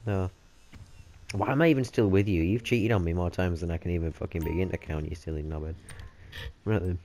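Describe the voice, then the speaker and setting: A man's voice: sits low, fairly quick, warm tone, slight background noise. A man, swearing and joking constantly while commentating on his gameplay. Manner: sweary, joking, laughs often. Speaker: gaming channel host.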